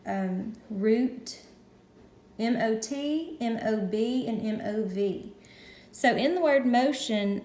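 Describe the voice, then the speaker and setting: A woman's voice: on the high side, a little mellow. Patient woman teacher in an echoey room. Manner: patient, explains slowly step by step. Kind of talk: recorded classroom lesson.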